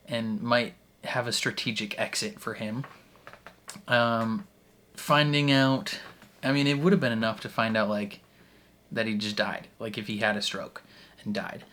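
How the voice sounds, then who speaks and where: A man's voice: mid-range voice, fairly bright tone. A man in his late twenties hosting a reaction channel, talking through a TV episode in a rambling, heartfelt way with lots of fillers and restarts. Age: 20s. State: emotional, tearing up. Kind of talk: casual reaction commentary.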